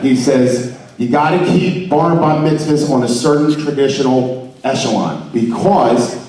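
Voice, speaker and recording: A man hosts a comedic mock seminar for a live crowd, joking and coaxing the audience into call-and-response. His voice sits a little high. It rings through a large, very echoey expo hall, picked up from far off the mic. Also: moderate pace, a little mellow. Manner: joking, playful, calls on the audience to repeat words. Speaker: presenter at a trade expo.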